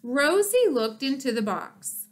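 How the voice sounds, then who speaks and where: This is a children's audiobook in which a woman narrates a chapter book with plenty of expression. She reads unhurriedly and with care, her rather high voice rising and falling vividly.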